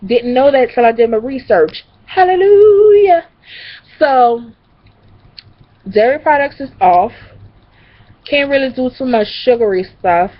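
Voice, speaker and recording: A young woman talks straight to her camera in a loose, rambling way, full of ums and swearing. Her voice sits fairly high. The recording is muffled and lo-fi. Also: normal speed. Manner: rambling, profane, laughing, many fillers. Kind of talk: casual storytelling vlog. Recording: dull lo-fi recording.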